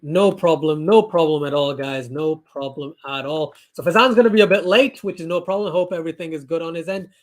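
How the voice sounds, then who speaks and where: A man's voice: on the high side, brisk, hardly any pauses. A young man hosting a live cricket watchalong, giving casual commentary and reading out viewer comments in a chatty way. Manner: chatty, reads viewer comments aloud, bursts into excited shouts.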